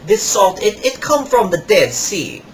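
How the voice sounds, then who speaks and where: A man voicing a pushy male kiosk salesman with a Russian accent, speaking slow, broken English in an insistent sales pitch. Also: expressive, a little hiss or hum.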